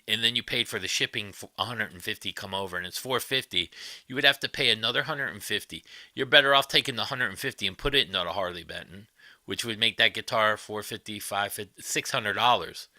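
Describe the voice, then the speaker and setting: A man's voice: on the low side, sharp tone, dry recording. Blunt, swearing man on a livestream. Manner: blunt, profane, rambling opinions. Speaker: livestream host. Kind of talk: casual livestream chat, reading viewer comments.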